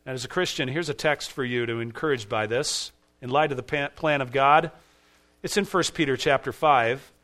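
A male preacher delivers an emphatic sermon in a fairly high, bright, forceful voice. He repeats key phrases and asks rhetorical questions to press each point home.

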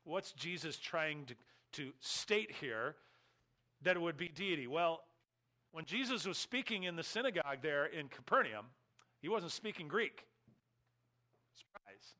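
A man's voice: a little high, animated, measured pace, long pauses, sharp tone. A man preaching a sermon, teaching verse by verse with emphatic stresses and wry asides. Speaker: pastor.

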